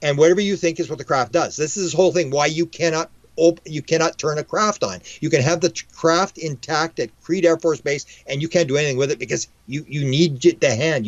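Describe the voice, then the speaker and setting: Man, guest storyteller, rapid restarts, dull lo-fi recording, dry. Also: on the high side, a little mellow, dry recording. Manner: rapid, with restarts, acting out dialogue. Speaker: guest, UFO researcher and lecturer. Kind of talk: animated storytelling.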